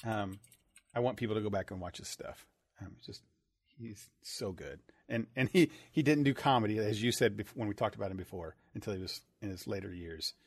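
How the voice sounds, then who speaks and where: A man's voice: on the low side, fairly quick, husky, dry recording. A man chatting casually as a podcast co-host. He stumbles and restarts his words often, circling back to finish a thought. The sound is dry and close to the mic. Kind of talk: casual chat.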